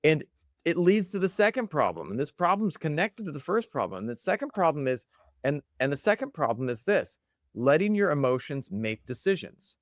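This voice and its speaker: A man hosting his own show, talking casually and self-mockingly about staying calm, laughing often as he tells stories. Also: on the high side, moderate pace, dry recording, studio quality. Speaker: podcast host. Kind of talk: casual motivational monologue.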